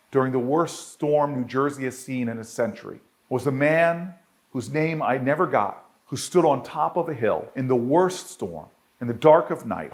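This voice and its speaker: A man giving a storytelling speech at an archive celebration. He builds to loud peaks and then drops to a quiet, solemn close. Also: mid-range voice. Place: event hall with an audience.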